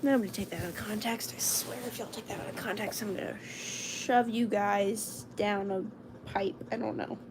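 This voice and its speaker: A young woman livestreaming from home at night, casually chatting to viewers as she draws lettering and talking herself through each step, sometimes in a hushed whisper. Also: mid-range voice, fairly even intonation, moderate pace, background noise. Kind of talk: casual livestream chat while drawing.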